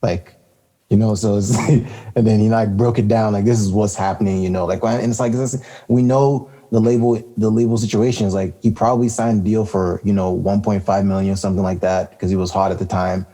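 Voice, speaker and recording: A man's voice: on the low side, fairly even intonation, fairly quick, dark tone. A man co-hosting a casual hip-hop podcast, talking in a laid-back, rambling way with lots of fillers and laughter. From Canada. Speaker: podcast co-host.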